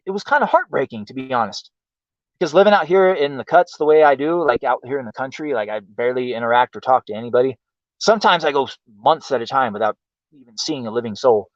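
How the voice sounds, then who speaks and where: A man's voice: on the high side, no echo, recorded from a distance, muffled recording. A man hosting a show, rambling and swearing through a casual monologue full of fillers. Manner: rambling and profane, many fillers. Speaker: host. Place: home in the countryside.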